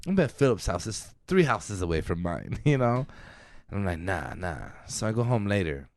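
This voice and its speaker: A man spinning a loose, profane story on a podcast, his pitch swinging widely as he acts out the people in it. The sound is dry and close, with no room around it. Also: sing-song, normal speed, a little mellow, dry recording. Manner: loose, profane storytelling with laughs and acted-out quotes. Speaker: podcast co-host. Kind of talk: casual storytelling chat.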